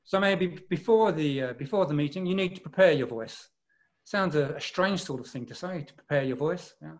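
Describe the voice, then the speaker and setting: English-accented male presenter, clear precise explainer, slightly high voice, video-call seminar. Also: normal speed.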